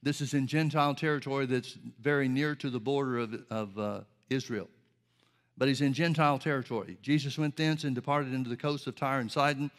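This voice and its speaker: A man preaching a sermon, explaining scripture in a measured way and reading old-style Bible verses aloud. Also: medium pitch, steady tone.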